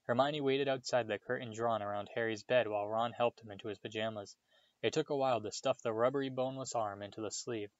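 A man's voice: mid-range voice, quick pace, no room sound. Man reading a novel aloud, dry and dull. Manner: steady storytelling with small slips. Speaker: audiobook reader.

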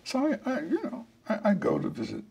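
An older man tells a personal life story in an interview, reflective and halting, with many restarts, and he acts out the voices of people he quotes. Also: high-pitched, wildly swooping pitch, vocal fry, dark tone, slightly rough.

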